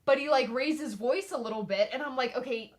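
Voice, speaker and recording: A woman's voice: high-pitched, fairly quick. A woman co-hosting a podcast, telling her side of a story in casual chat with wry asides. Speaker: podcast co-host.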